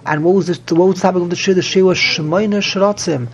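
A man teaching a Talmud class, an animated, repetitive, joking storyteller who mixes in Hebrew and Yiddish terms. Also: high voice, a little fast, dull audio, a little hiss or hum. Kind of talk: Daf Yomi Talmud class.

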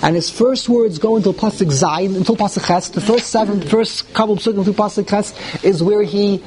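A man with a high voice leads a verse-by-verse Torah class for a live group. He reads each Hebrew verse aloud, then translates and explains it, often restarting his phrases and leaning hard on the harsh words. Faint room noise sits behind him. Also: fairly quick, a little mellow. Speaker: Torah teacher.

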